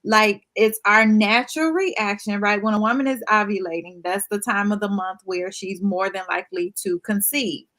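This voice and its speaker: A woman's voice: mid-range voice, steady tone, normal speed, hardly any pauses, fairly bright tone. A woman guest in casual chat, explaining with confident emphasis.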